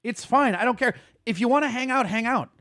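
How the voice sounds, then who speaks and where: A man hosting a casual livestream, ranting at his chat in a quick, profane and heated way. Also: very high-pitched, pushed and bright, no room sound, studio quality. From Italian heritage. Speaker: streamer host.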